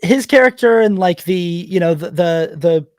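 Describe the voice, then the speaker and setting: A man co-hosting a podcast, chatting casually about a film and acting out characters' lines in quick voices. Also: high-pitched, a little mellow, no echo, clean studio sound. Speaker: podcast co-host.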